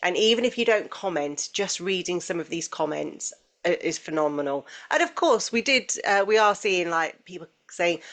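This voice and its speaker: A woman's voice: on the low side, animated, normal speed, a bit bright. A woman co-hosting a podcast in casual, earnest conversation, often restarting phrases and acting out quoted voices. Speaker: podcast co-host.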